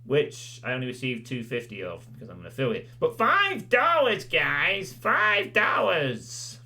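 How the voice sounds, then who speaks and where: A man's voice: medium pitch, quick pace, close to an everyday voice. A man putting on a made-up accent as a hammy huckster, stretching out his vowels as he pleads. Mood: pleading, hammy. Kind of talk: mock sales pitch on a livestream.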